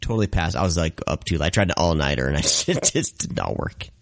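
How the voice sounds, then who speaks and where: A man's voice: rumbling low, expressive, fast talker. A man co-hosting a casual podcast, throwing in jokes and poking fun at his own bad puns. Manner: joking, self-deprecating quips. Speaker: podcast co-host. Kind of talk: casual chat.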